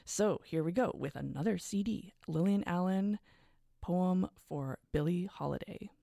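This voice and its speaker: Low gravelly woman radio host. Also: unhurried, dry recording, clean studio sound. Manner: conversational, relaxed, with frequent hesitations. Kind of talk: casual radio presenting.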